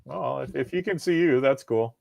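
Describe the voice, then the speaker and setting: A man's voice: mid-range voice, normal speed, vocal fry, darkish tone, no echo, clean studio sound. A middle-aged man hosting a live podcast over a video call, chatting casually and rambling with lots of jokes and restarts. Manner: rambling, self-interrupting, joking. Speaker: podcast host. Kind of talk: casual live-stream chat.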